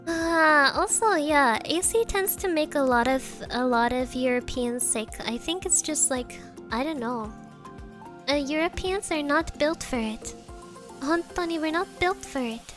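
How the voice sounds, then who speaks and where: A woman's voice: sits high, measured pace, over music. A young woman telling stories casually on a livestream, full of fillers and the odd Japanese word. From Germany. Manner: animated, many fillers, sprinkles Japanese words. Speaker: streamer.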